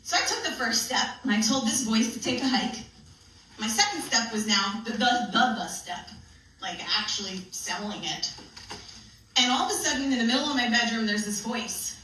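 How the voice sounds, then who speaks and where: Brief: bright, forceful woman comic, playful and animated; distant mic in a reverberant hall. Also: a little high, normal speed. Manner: playful and animated, laughing through her story. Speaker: spiritual comedian and speaker. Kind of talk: live comedic storytelling talk. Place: live benefit event hall. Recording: echoey hall, mic from a distance, faint noise.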